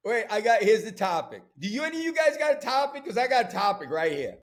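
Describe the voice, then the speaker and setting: Casting: brash, profane New York guy with a very high voice, podcast host on a rant. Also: quick pace. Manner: profane, ranting, animated. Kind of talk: casual chat.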